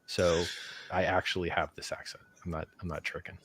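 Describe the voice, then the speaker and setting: A blunt man speaks emphatically and swears freely in a casual livestream chat. His voice is fairly low and comes through a close, dry computer mic. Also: flat delivery, a little fast, fairly bright tone, husky, no echo. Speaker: crypto founder taking guests on a livestream.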